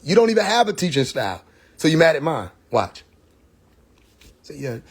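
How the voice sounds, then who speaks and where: Brief: man, livestream host, lively storyteller, slightly higher voice. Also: moderate pace, husky. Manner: animated storytelling, mimics mocking crowd voices, frequent laughs. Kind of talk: casual livestream monologue. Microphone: phone or computer mic on a live stream.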